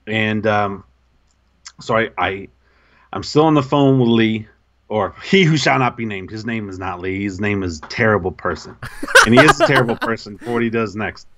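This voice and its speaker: A man co-hosting a podcast, telling an embarrassing story in casual, animated, self-mocking chat. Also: lowish voice, normal speed. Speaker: podcast co-host.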